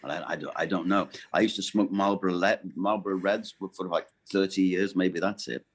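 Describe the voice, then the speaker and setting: A middle-aged man with a gravelly, fairly low voice chats in a casual interview. He talks in halting bursts, stopping and restarting his sentences and filling gaps with ums. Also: steady tone. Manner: halting, many restarts and fillers. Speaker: voice actor guest.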